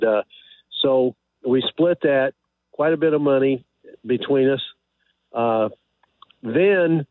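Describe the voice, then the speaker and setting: A man calling in to a radio advice show, telling his story in a rambling, halting way with many pauses and fillers. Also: mid-range voice, no room sound. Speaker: caller. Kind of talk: call-in radio question. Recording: tinny phone line.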